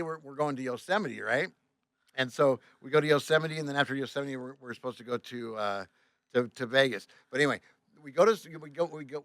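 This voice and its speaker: A man telling a story as a tour bus driver on a podcast, animated, swearing often and acting out the other voices. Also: medium pitch, smooth, dry recording, studio quality. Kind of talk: casual storytelling.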